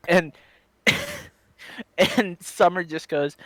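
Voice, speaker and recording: A man's voice: on the high side, a little slow, pushed and bright, dry recording. A young man co-hosting a podcast in casual chat, constantly laughing as he riffs on absurd jokes. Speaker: podcast co-host.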